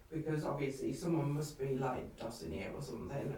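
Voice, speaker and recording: A woman's voice: rumbling low, brisk, dark tone. A woman chatting casually and recounting earlier ghost hunts. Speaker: paranormal investigator. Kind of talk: casual chat and storytelling. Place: abandoned farmhouse indoors. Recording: echoey room from far off, faint hiss.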